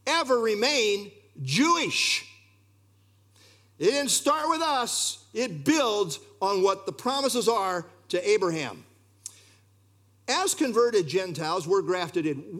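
Male pastor, middle-aged, teaching a sermon. Voice sits high and swings widely in pitch. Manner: animated, emphatic preaching with sudden drops in volume. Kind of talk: expository sermon.

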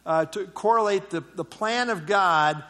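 Higher-voiced man teaching a Bible study. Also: unhurried, pushed and bright. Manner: conversational, explanatory, with fillers and restarts.

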